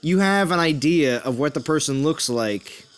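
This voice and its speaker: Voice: medium pitch, expressive, normal speed, faint music behind. A stream host chatting casually with friends, laughing often and tripping over words now and then. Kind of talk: casual chat on a live stream.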